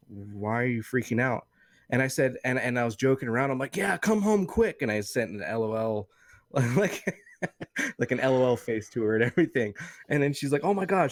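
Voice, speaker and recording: A man in his thirties tells a long, rambling, profane story as a podcast co-host. His voice sits at an ordinary middle pitch. It is recorded close to the mic with a dry, dead sound. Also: no echo. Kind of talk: casual chat.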